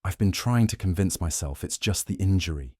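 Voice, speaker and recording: A man voicing a weary, uncertain young woman who speaks softly and hesitantly. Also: low voice, expressive, fairly quick, dry recording, studio quality. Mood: uneasy. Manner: soft, hesitant.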